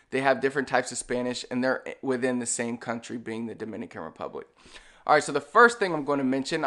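A man with a Puerto Rican accent, explaining language points in a relaxed, casual lesson and slowly repeating example words. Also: medium pitch. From Puerto Rico. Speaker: Spanish language teacher.

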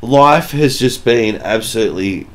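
A man's voice: medium pitch, measured pace. An Australian man hosting a podcast, telling a story in casual chat, full of swearing and acted-out dialogue. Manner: profane, animated storyteller acting out quoted dialogue. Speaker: podcast host.

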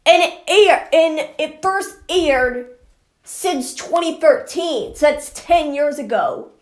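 A woman hosts her own channel with a ranting commentary. She talks slowly and sounds exasperated, repeating the same complaints. Her high voice rings out in an echoey room. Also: animated. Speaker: channel host. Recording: roomy echo.

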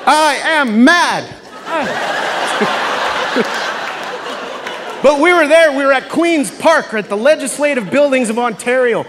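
A man performing a stand-up comedy set on a theatre stage, telling animated stories that build to shouted chants. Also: extremely high pitch, slow pace, long pauses, big-room sound, a crowd in the background. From Canada. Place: theatre stage before a live audience. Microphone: stage microphone. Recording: live theatre taping with audience laughter.

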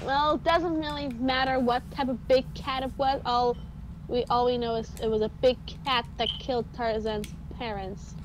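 A woman's voice: a little high, fairly even intonation, normal speed, a little hiss or hum, low-quality recording. A woman bantering playfully on a game stream, teasing her friends. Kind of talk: casual banter.

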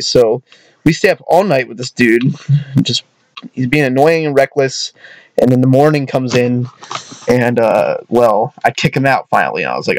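A man's voice: mid-range voice, moderate pace, dry recording. A young man casually telling a storytime tale, rambling, restarting his sentences and often adding "you know what I mean".

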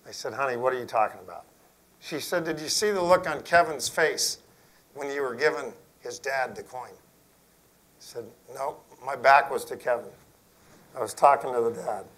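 Speaking at a moderate pace in a mid-range voice, this middle-aged Air Force general spins a folksy, earnest story for an audience of school principals, now and then dropping to a hush to make a point. The audio quality is poor.

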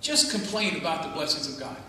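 A man's voice: fairly high pitch, lively intonation, a little fast, bright, forceful tone. An older man preaching a sermon, telling stories animatedly and acting out voices. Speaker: pastor. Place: church sanctuary. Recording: echoey hall from far off with background noise.

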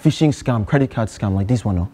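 A man's voice: lowish voice, lively intonation, fast talker, mellow, lightly acted. A young man putting on a Nigerian accent, playing a pushy student who keeps asking to learn scamming, tacking "oh" and "ah, ah" onto his lines, in a lecture hall with faint noise. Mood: pleading. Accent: Nigerian (put on). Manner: insistent, exclamatory "oh" and "ah, ah" tags.

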